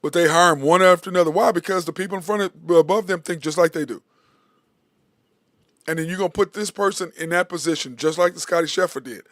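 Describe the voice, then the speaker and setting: A man's voice: high voice, fast, a bit bright, no room sound, clean studio sound. A sports talk host, rambling and venting his frustration in a solo commentary.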